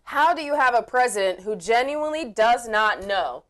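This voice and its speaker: A woman's voice: fairly high pitch, expressive, fairly bright tone. Playful woman co-host bantering. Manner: quick to laugh, playful banter. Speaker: talk show co-host. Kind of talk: casual chat.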